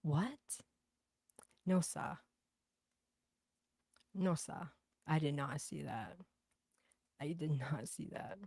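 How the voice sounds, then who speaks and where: A woman's voice: low-pitched, extremely slow, gravelly, long pauses, darkish tone, husky, no room sound, clean studio sound. A woman from New Bedford with a Boston accent, a livestream host chatting casually and bluntly with viewers, swearing and gossiping as she reads comments. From New Bedford, Massachusetts.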